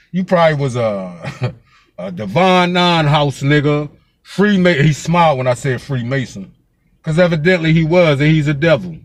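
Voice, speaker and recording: This man from Pennsylvania speaks on the high side, delivering a fiery, profane street vlog rant as a local commentator. He keeps repeating the same curse throughout.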